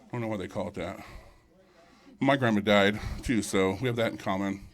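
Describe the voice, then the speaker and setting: A man's voice: fairly low pitch, a little fast. A man doing a stand-up comedy set at a live show, crude and rambling, teasing the crowd.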